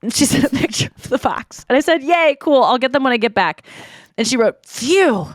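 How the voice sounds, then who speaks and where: A woman in her thirties hosts a podcast, chatting casually and breaking into giggles as she reads texts aloud. Her voice sits a little high, and the sound is close and dry. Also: fast, no room sound. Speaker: podcast host. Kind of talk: casual chat.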